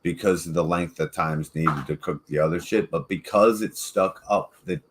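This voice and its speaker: A man's voice: deep voice, moderate pace, a little hiss or hum. A man hosting a casual chat, rambling, swearing freely and laughing often. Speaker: podcast host.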